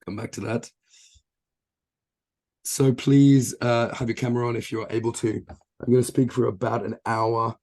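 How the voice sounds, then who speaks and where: A man with a hoarse, nearly gone voice, giving an online training in a jokey, informal, self-deprecating way over a video call. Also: medium pitch, fairly even intonation, normal speed, pauses often, a little mellow.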